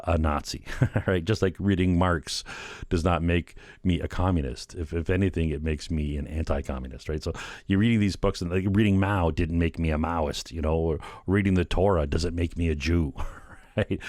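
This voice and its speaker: A man's voice: low-pitched, normal speed, darkish tone, no echo, clean studio sound. A man hosting a solo talk show, rambling casually, peppering his talk with "you know" and "right?" and chuckling at his own remarks. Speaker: podcast host.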